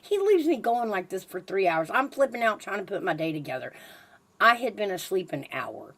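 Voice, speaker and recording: A woman's voice: medium pitch, brisk, husky. A woman co-hosting a casual podcast chat, telling a story with lots of laughter. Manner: laughs often, animated storytelling. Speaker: podcast co-host.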